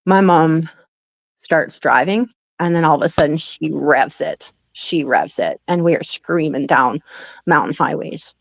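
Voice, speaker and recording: A woman's voice: sits low, lively intonation, a little slow, creaky, no room sound. A woman guest in an interview, telling a personal story and acting out the lines of people in it. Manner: acts out quoted dialogue, laughing at times. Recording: dull lo-fi sound, dry.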